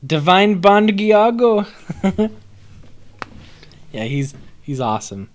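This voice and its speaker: Animated young man reviewing cards on a live stream. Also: high voice, slow. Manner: animated, swearing, laughing, answers chat. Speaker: streamer reviewing a card set. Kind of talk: casual live-stream commentary.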